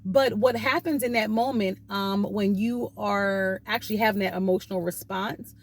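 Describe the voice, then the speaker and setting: A woman's voice: medium pitch, steady tone, normal speed. A woman talking casually from her car about abuse tactics, rambling with many fillers and restarts. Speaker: channel host talking about healing from abuse. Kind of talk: casual explanatory talk. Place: in a parked car.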